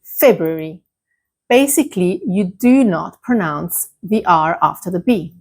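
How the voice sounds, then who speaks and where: A woman with an Italian accent leads an English pronunciation lesson at an unhurried pace, saying each word slowly and repeating it. Her lowish voice carries a gravelly edge. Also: lively intonation. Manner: slow, deliberate, repeats words for practice.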